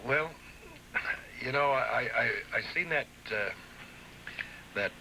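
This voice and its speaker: Stammering, placating wrestling promoter. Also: male voice, medium pitch, takes it slowly, vocal fry, noisy background. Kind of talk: staged wrestling promo confrontation.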